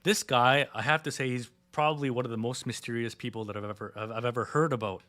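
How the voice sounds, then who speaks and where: A man with a bright, forceful voice hosts a relaxed interview. He asks long, winding questions, often stumbling and repeating his words as he thinks aloud. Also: mid-range voice, quick pace. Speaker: interview host. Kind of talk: casual interview chat.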